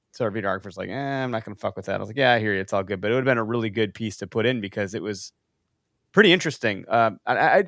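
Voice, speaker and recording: A man hosting a podcast talks quickly and animatedly, rolling from one anecdote to the next. His voice sits in a middle range. The sound is close and dry. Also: medium pitch, no echo. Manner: chatty, animated storyteller. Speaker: podcast host. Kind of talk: casual podcast conversation.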